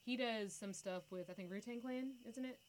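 A young woman telling a story in a casual chat, animated and quick to shout when she acts it out. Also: a little high, a little hiss or hum. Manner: animated, breaks into loud screams when acting out the story.

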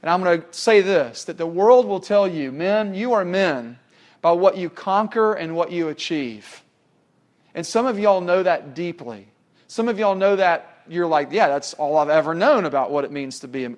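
Emphatic preacher, fairly high voice. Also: male voice. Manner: emphatic, rhetorical questions, swings from loud to hushed. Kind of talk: sermon.

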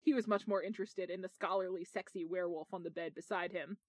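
A woman's voice: lowish voice, fairly even intonation, fast talker, darkish tone, no echo, clean studio sound. A woman co-hosting a comedy podcast, reading fan fiction aloud and laughing often. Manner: laughs often, reads dialogue with a light touch. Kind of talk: reading aloud and joking with a co-host.

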